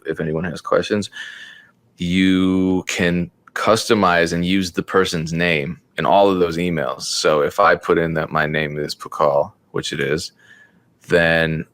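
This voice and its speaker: Low-voiced man teaching casually, thinking aloud. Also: a bit bright, no echo. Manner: thinks aloud, stumbles and repeats words while typing; joking and sarcastic at times. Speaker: music producer teaching a beat-selling class. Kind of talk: casual live-streamed tutorial.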